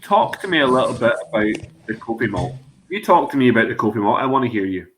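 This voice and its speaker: A man's voice: medium pitch, big pitch swings, quick pace, fairly bright tone, a little hiss or hum. A man hosting an online whiskey tasting over a video call, chatty and jokey. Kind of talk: casual chat.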